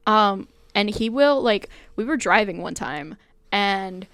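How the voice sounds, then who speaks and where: Woman, podcast co-host, casual chat, excitable, laughs a lot, dry close sound. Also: mid-range voice, smooth, no room sound. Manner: excitable, laughs often, talks faster when excited.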